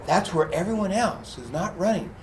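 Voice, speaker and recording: A man's voice: high-pitched, moderate pace, echoey room, slight background noise. A man preaching a sermon as pastor, telling stories with lots of acted-out quotes and frequent laughter. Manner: animated storyteller, acts out quotes, laughs often. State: choked up at times. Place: church.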